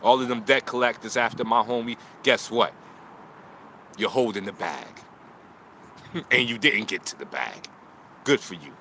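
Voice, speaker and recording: A man's voice: on the low side, normal speed, pauses often, sharp tone, slight background noise. A man talking live about loss and motivation in short, preaching lines, recorded outdoors on a phone. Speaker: martial arts teacher streaming live. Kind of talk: emotional live stream talk.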